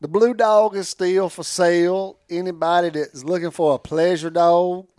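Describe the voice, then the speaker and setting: A man's voice: high-pitched, steady tone, normal speed, a little mellow, dry recording, studio quality. A man hosting a podcast, telling a rambling story in casual chat and laughing through it. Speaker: podcast host.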